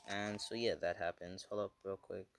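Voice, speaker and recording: A man's voice: deep voice, fairly even intonation, moderate pace, slight background noise. A man casually retelling a fan story, rambling with many fillers and swearing.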